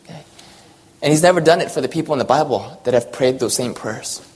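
A man's voice: mid-range voice, quick pace, darkish tone. A man preaching a sermon, earnest and personal, often checking in with his listeners by asking "okay?".

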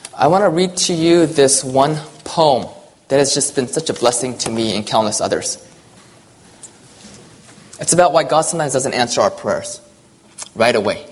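A man's voice: a little high, moderate pace, long pauses. A man preaching a sermon, earnest and personal, often checking in with his listeners by asking "okay?".

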